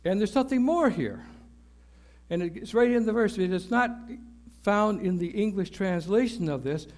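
Guy preaching a sermon, pretty high voice, keeps repeating words and asking right? okay?. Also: expressive, normal speed, a little mellow. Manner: conversational teaching, checks in with "right?" and "okay?"; repeats key words for emphasis. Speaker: pastor.

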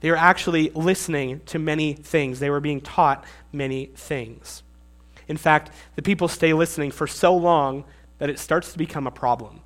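A young man preaching a sermon, animated, acting out the disciples with sarcastic asides. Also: on the high side, moderate pace.

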